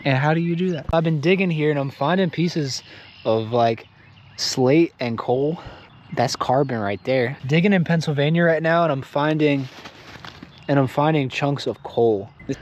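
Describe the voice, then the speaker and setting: Guy vlogging outside, bit high voice, faint noise around, jokey and chatty. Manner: chatty, joking, explains as he works. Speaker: vlogger planting fruit trees. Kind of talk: casual outdoor vlog. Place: outdoors in fields.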